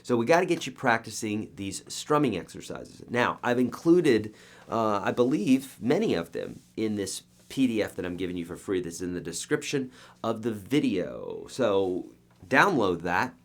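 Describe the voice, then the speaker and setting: A man's voice: fairly low pitch, very animated, moderate pace. A man teaching a beginner guitar lesson, coaching emphatically and counting beats aloud as he strums. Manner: coaching, emphatic, repeats okay and right.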